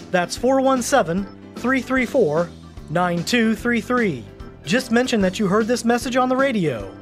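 A radio announcer reading a formal closing announcement for a ministry program. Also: mid-range voice.

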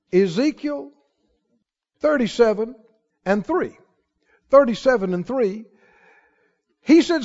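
High-voiced animated male preacher. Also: takes it slowly, long pauses. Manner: animated, acts out quoted voices, rises to shouts. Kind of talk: sermon. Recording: reverberant hall, dull lo-fi sound.

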